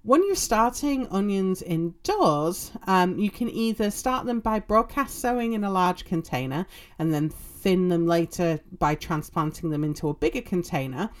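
Relaxed woman explaining gardening tips. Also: on the low side, moderate pace. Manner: relaxed, explanatory, frequent ums and you-knows. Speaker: podcast host. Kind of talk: gardening podcast talk. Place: home in a short-season area.

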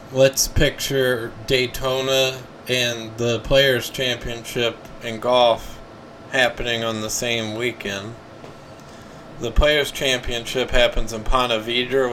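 A man's voice: mid-range voice, a bit bright, a little hiss or hum, poor audio. A man co-hosting a podcast in casual chat, hesitant and full of ums. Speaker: podcast co-host.

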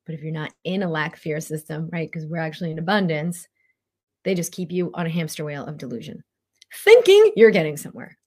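Animated middle-aged woman coaching casually. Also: deep voice, a little fast. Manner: animated, acts out quotes, many fillers. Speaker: spiritual coach. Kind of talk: casual motivational talk.

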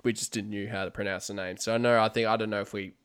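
Hesitant man, smooth voice. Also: on the low side, flat delivery, fast, a bit bright. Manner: hesitant, many fillers and restarts. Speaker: podcast co-host. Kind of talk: casual fan podcast chat.

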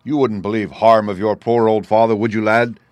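A man's voice: lowish voice, flat delivery, fairly quick, darkish tone, no echo, highs cut off, natural voice. A man voicing an anxious old father who pleads with his son. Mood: pleading.

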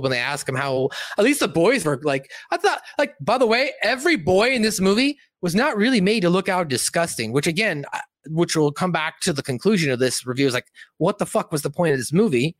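A man's voice: fairly high pitch, expressive, normal speed, fairly bright tone, no echo. A young man reviewing a movie on a casual livestream, rambling and swearing, with many fillers.

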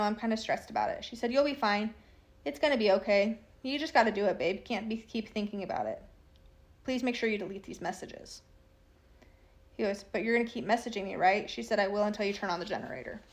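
A woman telling a true crime story by reading text messages aloud, in a plain, matter-of-fact way with casual asides. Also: medium pitch.

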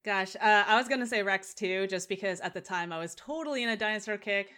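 A woman joining a casual podcast chat, relaxed and laughing, with hesitant fillers. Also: medium pitch, quick pace, clean tone.

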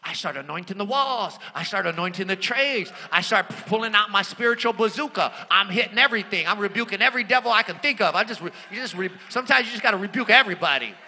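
A man preaching a sermon and telling stories, animated, swinging from hushed asides to shouted declarations. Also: sits high, quick pace, hardly any pauses, slightly rough. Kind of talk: sermon with personal storytelling. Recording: long reverb of a large hall.

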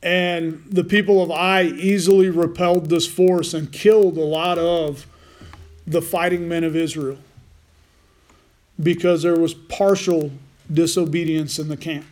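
High-voiced folksy pastor. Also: male voice, little pitch movement, measured pace, darkish tone. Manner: folksy, self-deprecating asides with frequent restarts. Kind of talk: sermon.

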